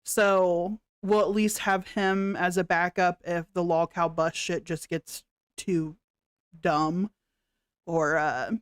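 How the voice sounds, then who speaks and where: A woman's voice: on the low side, flat delivery, slow, smooth, dry recording, clean studio sound. A woman hosting a livestream, giving sarcastic reaction commentary with frequent laughs and swearing.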